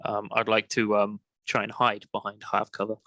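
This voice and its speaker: Brief: casual player, crisp bright tone, swears at bad rolls. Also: male voice, fairly low pitch, normal speed, no room sound, dull audio. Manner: excitable, swears and exclaims at rolls. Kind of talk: casual tabletop game chat.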